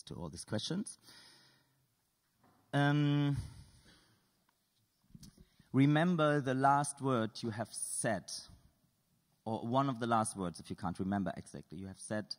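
An artist lecturing in an art school's lecture hall, this man has a fairly low voice and runs an interactive session, quizzing listeners with dry, playful questions. The hall gives his voice a long, ringing reverb.

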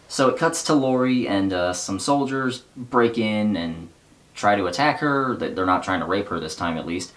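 A man's voice: fairly low pitch, animated, normal speed, fairly bright tone. A man casually recapping and reading from a novel, rambling with fillers and wry asides.

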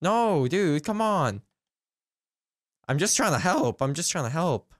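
Man from canada, gaming voice chat, cheeky, plays innocent, mid pitch, dry mic. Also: big pitch swings, a little slow, no room sound. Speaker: gamer.

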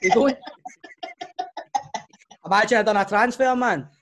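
A man's voice: high voice, a little slow, loud music behind the voice. Teasing scottish man telling stories. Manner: animated storyteller, teasing. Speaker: co-host. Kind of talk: casual banter.

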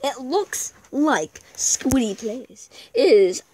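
This gameplay video maker has a high-pitched, slightly mellow voice, very animated yet very slow. She talks to herself in a chatty way while playing, with slight background noise.

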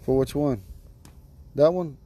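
A man teaching vocabulary to a class outdoors at home, patiently repeating each word slowly. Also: on the high side, warm tone. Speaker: language teacher.

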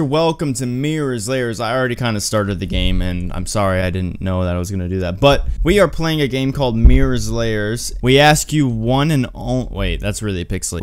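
A man's voice: medium pitch, moderate pace, few pauses, a little hiss or hum. A young man doing let's-play commentary on a horror game, muttering nervously and breaking into screams. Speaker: gaming YouTuber.

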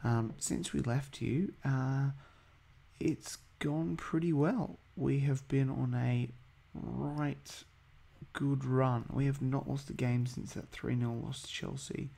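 A man's voice: medium pitch, fairly even intonation, takes it slowly, gravelly, warm tone. A man giving casual, hesitant commentary over a football management game, full of ums and uhs. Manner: chatty, hesitant, many ums. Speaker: gaming video host.

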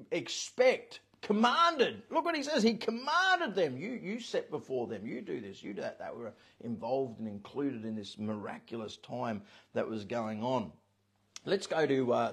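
A man's voice: medium pitch, slightly rough. A man, preaching as a pastor with emphasis and repeating his key phrases. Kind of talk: sermon.

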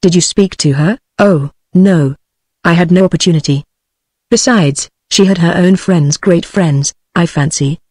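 A text-to-speech woman's voice with a British English accent, reading a novel aloud and giving every character the same even delivery. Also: on the low side, a little slow, husky, no room sound, clean studio sound. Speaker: audiobook narrator.

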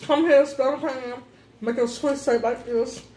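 Brief: high-voiced woman vlogger, unhurried delivery, echoey room. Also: fairly even intonation, warm tone. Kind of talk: casual mukbang chat. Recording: echoey room, faint room noise.

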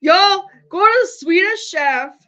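A woman's voice: very high voice, expressive, unhurried, sharp tone. A woman hosting a live stream, chatting casually and rambling, laughing often and swearing freely. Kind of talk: casual chat while watching a game. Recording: dull lo-fi sound.

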